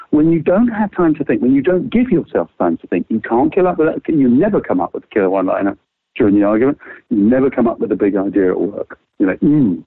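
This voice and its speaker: Energetic man on a tinny line. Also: slightly rough, dry recording. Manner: lively, swings pitch widely, casual swearing. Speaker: creativity trainer, guest. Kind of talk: animated explaining with quick exercises. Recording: dry, phone-like narrow sound.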